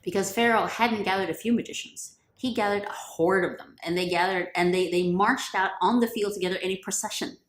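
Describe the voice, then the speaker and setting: A woman's voice: medium pitch, fairly quick, few pauses. A woman retelling a religious story in a playful, chatty, slangy way. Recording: roomy echo.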